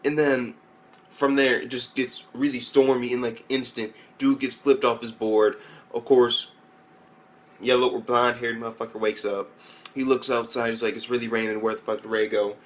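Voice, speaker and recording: A man's voice: mid-range voice, level tone, normal speed, a bit bright. A young man giving a loose, rambling spoken recap as an anime reviewer, swearing often and mimicking characters in raised voices. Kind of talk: casual profane recap.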